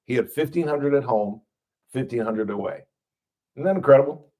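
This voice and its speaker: A man's voice: mid-range voice, moderate pace, darkish tone. A man hosting a radio talk show, chatting casually and telling stories with enthusiasm. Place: radio studio.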